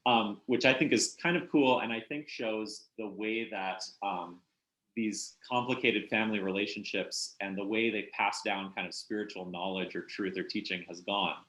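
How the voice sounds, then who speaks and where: A man's voice: on the low side, steady tone, moderate pace, a bit bright. A man talking through a book in a casual literary discussion, thoughtful and hesitant, with many fillers and restarts. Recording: roomy echoey room.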